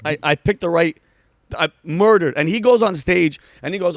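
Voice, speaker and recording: Fast-talking excitable comedian. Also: male voice, high-pitched, no room sound, studio quality. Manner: fast, excitable, acts out quotes with shouts. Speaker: comedian guest. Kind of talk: animated storytelling in conversation.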